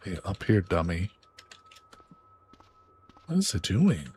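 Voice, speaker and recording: A man streaming a survival game live, reacting excitedly with swearing and laughter as he plays. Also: deep voice, takes it slowly, long pauses, a little hiss or hum. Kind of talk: live gameplay commentary.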